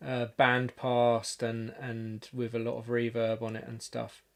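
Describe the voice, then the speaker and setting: A man producing music on a livestream, talking casually and haltingly, thinking aloud with lots of fillers and restarts. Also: mid-range voice, monotone, gravelly. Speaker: music producer streaming a session.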